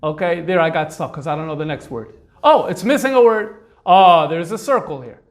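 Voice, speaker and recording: High-voiced man lecturing with many fillers. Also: fairly quick. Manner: conversational, thinks aloud with frequent fillers. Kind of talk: informal lecture on manuscripts.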